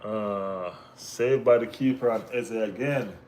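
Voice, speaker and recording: A Jamaican man hosting a casual football watch-along stream, bantering with viewers in relaxed Caribbean slang. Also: lowish voice, slow pace, slight background noise. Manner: laid-back banter with Caribbean slang, bursts of excited teasing. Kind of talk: casual live-stream chat reading viewer comments.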